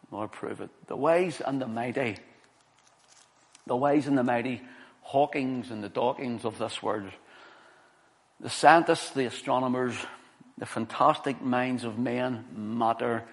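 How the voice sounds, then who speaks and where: A middle-aged man preaching a sermon and telling a story from his own life, earnest and building to emphatic stresses. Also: mid-range voice.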